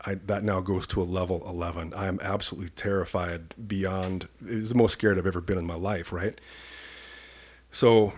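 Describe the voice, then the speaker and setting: A man from Iowa, a police commander and podcast guest, telling an animated personal story and acting out the people in it. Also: lowish voice. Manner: lively storyteller who acts out the people in his story.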